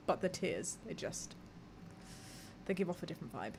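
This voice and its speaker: A woman's voice: fairly low pitch, sing-song, moderate pace, gravelly, long pauses, a little hiss or hum. Chatty woman hosting a live podcast. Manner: chatty, candid, swears casually, reads messages aloud. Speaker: podcast host. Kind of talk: casual live-stream chat.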